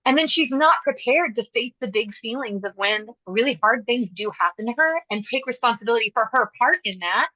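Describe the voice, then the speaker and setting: Woman podcast host, bright sharp voice, emphatic and direct, dry muffled sound. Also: fairly high pitch, animated, a little fast, hardly any pauses, dry recording. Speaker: podcast host and parenting coach. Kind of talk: podcast teaching talk.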